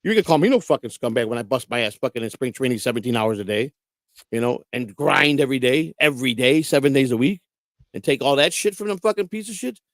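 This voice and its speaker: A man talks fast in a loose, rambling storytelling style, full of curses and restarts. His voice sits at a middle pitch and is recorded dry and close, with no room sound. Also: expressive, fairly bright tone, dry recording. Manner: profane, repetitive, rambling. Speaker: guest telling stories. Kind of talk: casual storytelling.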